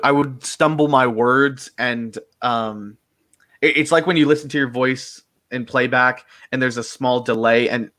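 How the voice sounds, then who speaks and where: A male voice actor talks through his roles in a relaxed interview. His speech wanders, packed with fillers, restarts and frequent laughter. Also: medium pitch. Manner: rambling, full of fillers and restarts, laughs often. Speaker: voice actor guest. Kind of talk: casual interview chat.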